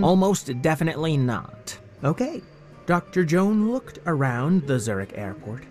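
A man narrating a children's story in a playful, animated way. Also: fairly high pitch.

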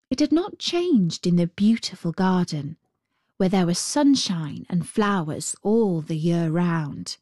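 A woman reading a fairy tale aloud as a storyteller, in a gentle, expressive way. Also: fairly low pitch, dry recording, clean studio sound.

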